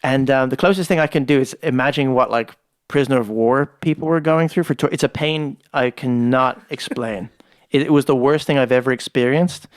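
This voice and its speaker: A man with an Irish accent, a podcast guest telling a story in casual talk, animated and swearing freely. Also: medium pitch, a little fast, clean tone. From Ireland. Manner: animated, swears freely, acts out voices in his stories.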